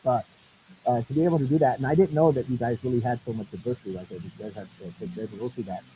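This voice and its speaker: Relaxed, mellow-voiced male podcast host. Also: medium pitch, very fast, a little hiss or hum, rough recording. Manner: casual, fills with "uh" and "you know". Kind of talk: casual podcast chat.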